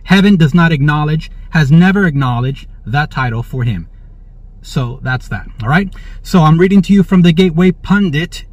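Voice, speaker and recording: On the high side and animated, a man talks at normal speed with no room sound while hosting prophetic religious commentary. Reading the news aloud, he's jubilant, slipping in praise and repeated "all right?" for listeners. The audio is lo-fi, dull, and dry.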